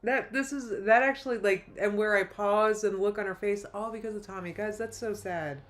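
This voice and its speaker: Woman rambling on a live react stream at home, chatty, side comments. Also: medium pitch. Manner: chatty, rambling, quick asides with laughs.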